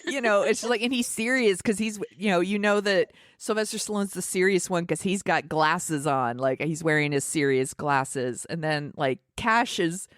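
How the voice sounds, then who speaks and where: A woman's voice: lowish voice, moderate pace, few pauses, no room sound, studio quality. A woman co-hosting a casual movie podcast, wryly recapping scenes and commenting as she goes. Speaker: podcast co-host. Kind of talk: casual chat.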